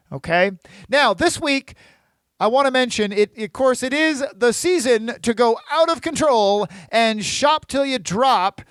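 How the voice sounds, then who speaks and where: High-voiced man hosting a podcast. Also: fairly bright tone, clear, resonant tone, no echo. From United States. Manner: chatty, keeps asking "right?". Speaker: podcast host, financial planner. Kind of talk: casual solo podcast talk.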